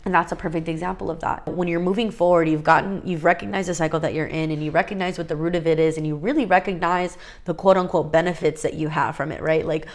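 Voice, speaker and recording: Young woman vlogger, lowish voice, earnest and confiding, casual to-camera talk with fillers. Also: fairly even intonation, quick pace, hardly any pauses. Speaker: faith vlogger.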